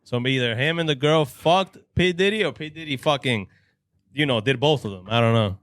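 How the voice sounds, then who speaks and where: A man's voice: medium pitch, brisk, a bit bright, no echo, studio quality. A man co-hosting a podcast in casual chat, passing on gossip with lots of hedges like "supposedly". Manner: hedging gossip, repeats "supposedly". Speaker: podcast co-host.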